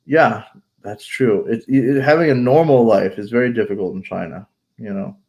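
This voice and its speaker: A man's voice: mid-range voice, moderate pace, darkish tone. Blunt, rambling man. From United States. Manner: rambling, blunt, profane, many fillers and restarts. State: congested with allergies. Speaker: vlogger. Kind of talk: casual chat.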